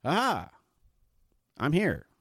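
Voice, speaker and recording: A man's voice: a little high, wildly swooping pitch, slow, creaky, fairly bright tone, husky, dry recording, clean studio sound, pitched above the performer's own voice, heavily acted. A man voicing an eccentric, cheery male radio newsman in a comedic radio play, with a chirpy, theatrical showman manner.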